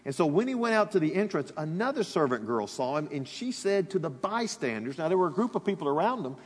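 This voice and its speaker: Man preaching, husky, lively rising-and-falling voice, fairly high, long hall echo. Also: fast talker. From Alabama, US. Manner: animated, conversational preaching with asides to the congregation. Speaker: pastor. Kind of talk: sermon. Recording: long reverb of a large hall.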